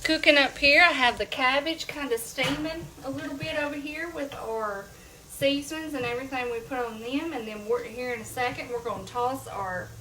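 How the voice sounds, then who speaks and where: A woman's voice: high-pitched, normal speed, sharp tone, a little hiss or hum. A woman hosting a casual home cooking demonstration, chatting to viewers as y'all. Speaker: home cooking show host. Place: home kitchen. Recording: echoey kitchen, mic from a distance. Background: sizzling and frying on the stove.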